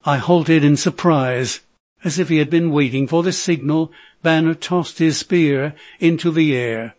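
A man's voice: fairly high pitch, a little slow, a little mellow, no room sound. Man narrating an audiobook, dry sound. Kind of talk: scripted narration.

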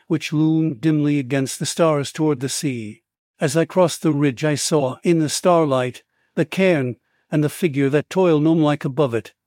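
A man reading a first-person horror story aloud in a measured, dramatic narrating style, on a close microphone. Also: fairly high pitch, a little mellow, no echo. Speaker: audiobook narrator.

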